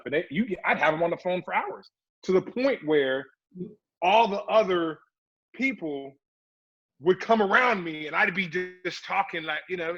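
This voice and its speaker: Actor guest, male, husky tone, animated storyteller, dull lo-fi interview audio. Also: sits high, normal speed. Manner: animated storyteller, slips into put-on voices. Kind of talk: casual interview chat. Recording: dull lo-fi recording.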